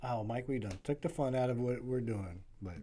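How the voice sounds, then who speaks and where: A man's voice: mid-range voice, moderate pace, dark tone. A man co-hosting a podcast, telling a funny story in casual chat with lots of laughter. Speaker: podcast co-host.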